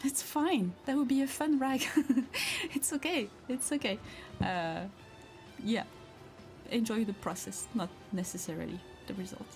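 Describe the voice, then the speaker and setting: A woman hosts a craft livestream from her home craft space, chatting casually as she reads viewers' comments. She's chatty, giggly and encouraging, with a high-leaning, animated voice at a measured pace and faint music behind her.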